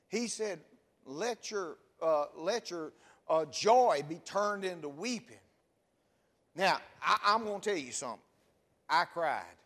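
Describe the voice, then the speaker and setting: A man's voice: sits high, fairly bright tone, long reverb tail. A man preaching a sermon in a church, asking the congregation question after question with a rising and falling cadence. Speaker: pastor.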